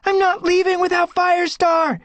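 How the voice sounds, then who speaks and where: A man's voice: level tone, moderate pace, no room sound. Man voicing a fiery young she-cat warrior. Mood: desperate. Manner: high, loud and frantic.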